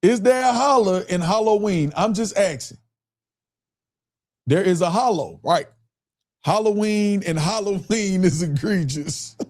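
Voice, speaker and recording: Animated Michigan man hosting a live stream. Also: high-pitched, a little slow. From Michigan, US Midwest. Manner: animated, keeps repeating his questions, reads chat aloud, laughs often. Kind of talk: casual live-stream commentary.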